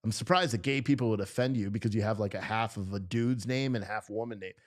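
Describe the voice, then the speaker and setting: A man's voice: fairly low pitch, quick pace. A man hosting a casual livestream, ranting at chat comments with heavy swearing and laughing at himself. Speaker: livestream host reading chat. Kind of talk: casual unscripted livestream talk.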